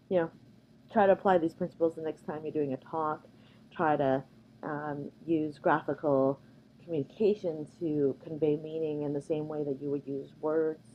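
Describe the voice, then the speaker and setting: Low-voiced Canadian woman teaching. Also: muffled recording, slight background noise. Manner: conversational, many ums and uhs. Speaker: workshop presenter. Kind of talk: recorded slide lecture.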